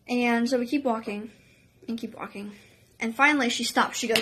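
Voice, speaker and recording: A woman telling a story on her vlog in an excitable, chatty way, full of "like" and "um". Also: a little high, normal speed, pauses often, a little hiss or hum. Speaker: vlogger.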